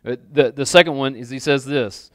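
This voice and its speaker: A man's voice: medium pitch, steady tone, normal speed, a bit bright, dry recording, clean studio sound. A man preaching a sermon as pastor, in a loose, conversational way full of casual fillers and repeats, speaking in a church. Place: church sanctuary with a congregation.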